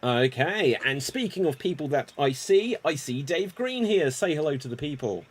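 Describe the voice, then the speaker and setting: A man's voice: on the high side, very animated, moderate pace, slightly rough. A man hosting a live online improv show, introducing players with upbeat, joking lines. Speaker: host.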